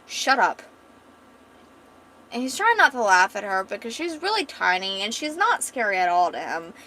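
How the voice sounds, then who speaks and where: A woman streamer casually retelling a comic story as she draws, chatty and animated. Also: mid-range voice, brisk, a little hiss or hum, rough recording. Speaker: art streamer. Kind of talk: casual storytelling while drawing.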